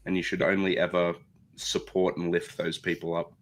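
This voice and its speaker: A man's voice: low-pitched, completely flat delivery, normal speed, a little hiss or hum. A man chatting casually as a guest, hesitant and self-deprecating, stumbling over his words. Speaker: guest model painter. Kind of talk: casual chat.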